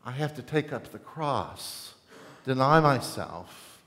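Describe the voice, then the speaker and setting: A male pastor preaching a sermon in a church, animated and often asking the congregation questions. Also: medium pitch, slow pace, in a large hall. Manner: animated, asks the congregation questions, acts out quotes. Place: church sanctuary.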